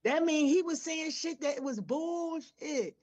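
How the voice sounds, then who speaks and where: A woman's voice: high voice, takes it slowly, a little mellow. A woman co-hosting an internet radio show, chatting casually, laughing and swearing freely as she reads out a word of the day. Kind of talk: casual banter.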